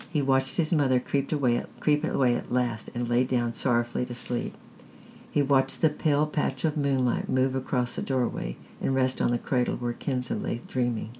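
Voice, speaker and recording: A measured storyteller reads a children's tale aloud. The voice sits in a middle pitch with a gravelly grain. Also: fairly even intonation, warm tone, a little hiss or hum. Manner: measured, deliberate reading. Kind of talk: scripted narration of a children's story.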